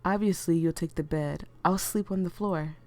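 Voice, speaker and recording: A woman voicing a calm, protective young man in a visual novel, speaking in a lowered gentle tone with a slight lisp. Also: moderate pace, close to an everyday voice.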